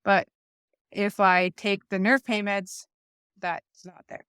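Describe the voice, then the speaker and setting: Chatty woman with a smooth, dry voice. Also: medium pitch, fairly even intonation, slow pace, fairly bright tone, no room sound. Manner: chatty, talks things through with many asides and restarts. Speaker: podcast co-host. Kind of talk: casual conversational podcast chat.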